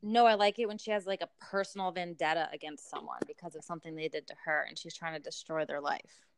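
Wry, low-voiced woman podcast co-host. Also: steady tone, fast, creaky, clean tone, no echo. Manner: wry, laughing, blunt opinions. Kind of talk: casual reality-TV recap chat.

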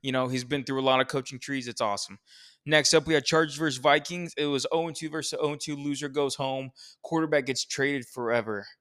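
A man's voice: mid-range voice, steady tone, a little fast, fairly bright tone. A man co-hosting a podcast, chatting casually about football in a rambling, opinionated, profane way. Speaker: podcast co-host. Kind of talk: casual sports chat.

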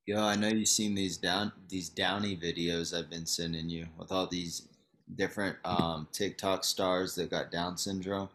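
A man's voice: deep voice, flat delivery, unhurried, a bit bright. A young man co-hosting a casual podcast chat, rambling with lots of fillers and laughing as he talks. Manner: rambling, laughs while talking, frequent fillers. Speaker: podcast co-host.

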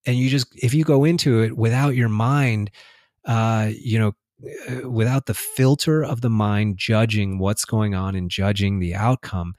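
A man's voice: on the low side, fairly even intonation, a little slow, darkish tone, no echo, studio quality. A man talking reflectively in a casual spiritual conversation, laughing often and restarting his sentences.

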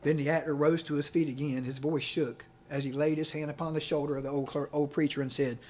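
A man preaching a sermon in a loose, conversational way, his voice sitting a little higher than most men's. He repeats words as he goes and keeps checking in with the congregation for an amen. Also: little pitch movement, fast talker, few pauses, a little mellow, slight background noise. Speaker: pastor.

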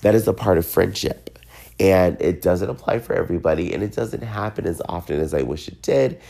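Podcast host, male, very low gravelly voice, stuffed-up and tipsy, rambling solo rant. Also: fairly quick, dark tone. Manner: rambling, loose and meandering. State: congested, sick; drunk.

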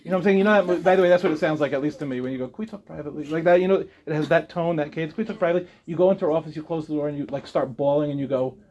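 Lively high-voiced rabbi teaching. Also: male voice, very fast, few pauses. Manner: animated, acts out quoted voices, humorous asides. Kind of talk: Torah class to young women. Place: classroom before an audience.

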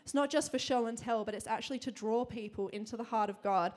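A woman's voice: fairly high pitch, a little mellow. Chatty young woman preaching with laughter. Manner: chatty, fast, laughing often, many fillers. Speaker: church speaker. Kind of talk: sermon with personal story.

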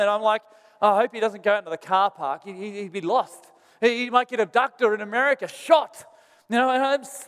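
A man's voice: sits high, fairly bright tone, long reverb tail. A man, a pastor telling a self-deprecating story in a sermon.

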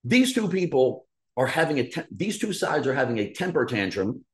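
Profane, animated man ranting. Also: mid-range voice, normal speed. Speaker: podcast co-host. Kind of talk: casual podcast chat.

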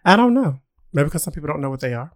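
A woman co-hosting a casual chat, teasing and quick-witted, who laughs often. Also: deep voice, very animated, no echo, studio quality. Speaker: podcast co-host.

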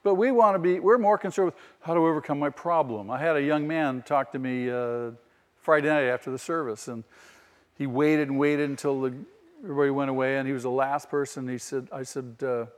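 A man's voice: mid-range voice, brisk. A man preaching a sermon as pastor, emphatic and peppering the congregation with rhetorical questions. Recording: long hall reverb.

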